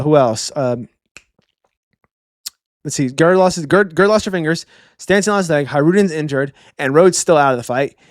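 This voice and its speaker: A man reviewing a manga chapter in a rambling, profane, excitable casual chat. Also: a little high, dry recording, studio quality.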